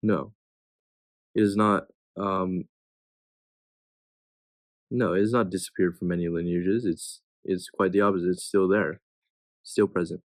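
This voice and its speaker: Low-voiced young man tutoring, thinking aloud. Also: fairly even intonation, unhurried, long pauses, no room sound. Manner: thinks aloud, reading answer choices and judging them. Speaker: test prep tutor. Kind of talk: casual explanation of test questions.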